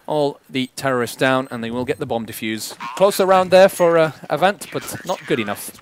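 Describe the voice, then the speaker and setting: A man casting a competitive shooter match at a rapid clip, calling each play as it unfolds. Faint gunfire and game sounds sit underneath his voice. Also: mid-range voice, slight background noise. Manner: fast, excitable play-by-play. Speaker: esports caster. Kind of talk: live game commentary.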